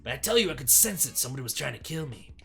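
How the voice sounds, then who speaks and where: A man voicing a gruff, hot-tempered young man who talks loudly and demandingly while reading a game aloud. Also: mid-range voice, very animated, racing, soft background music. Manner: loud, demanding.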